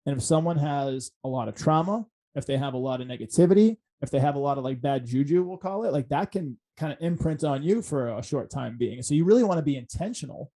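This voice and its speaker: A man's voice: a little high, animated, quick pace, hardly any pauses, dark tone. A man hosting a podcast, talking in an earnest, reflective way with many fillers and restarts. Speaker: podcast host. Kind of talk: casual podcast conversation.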